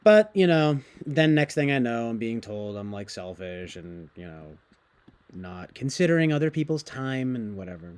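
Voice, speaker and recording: A young man talks loosely on his stream, wandering from thought to thought and swearing freely. He laughs often. His voice sits at a middling pitch. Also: sing-song, normal speed, a little mellow. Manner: profane, rambling, laughs often, mimics others. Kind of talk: casual rambling chat.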